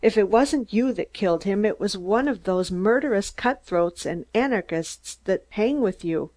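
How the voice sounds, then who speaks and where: A cold, determined lawyer, read by a woman, lays down accusations in a firm, steady voice. Audiobook storytelling. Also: mid-range voice, normal speed, lightly acted. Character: cold, determined male lawyer turned detective.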